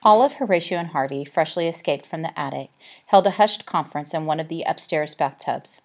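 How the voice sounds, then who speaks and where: In this scripted audiobook narration, a low-voiced woman reads with measured pacing and plenty of expression.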